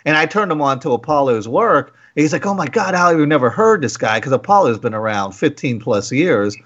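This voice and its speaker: A man hosting a casual radio talk show who tells stories in an animated way and slips into quoted voices. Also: fairly high pitch, a little fast, dull audio.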